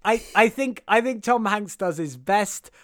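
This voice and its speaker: Bright, tense-toned man podcaster, stammery and giggly, higher pitch. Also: lively intonation, normal speed. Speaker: podcast co-host. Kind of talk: casual film recap chat.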